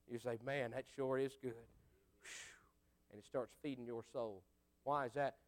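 A man's voice: sits high, clear, resonant tone. Fiery folksy preacher man. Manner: folksy, rising to fiery shouts and dropping to quiet asides. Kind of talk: sermon.

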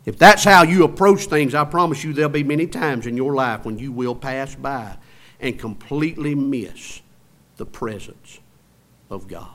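A man preaching a sermon as pastor. He swings between loud emphatic passages and hushed, drawn-out low phrases, and keeps asking the congregation rhetorical questions.

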